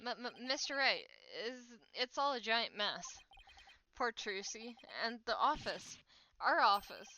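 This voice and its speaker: A woman's voice: fairly high pitch, animated, measured pace, sharp tone, muffled recording. A woman voicing an earnest young male defense lawyer who stammers anxiously while reading game dialogue.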